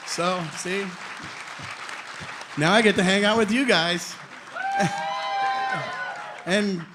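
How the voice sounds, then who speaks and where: A man in his sixties, a voice actor telling stories on a convention panel, animated and joking with a ready laugh. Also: high-pitched, drawn-out words, a loud crowd, heavy background noise. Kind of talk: anecdotal panel storytelling.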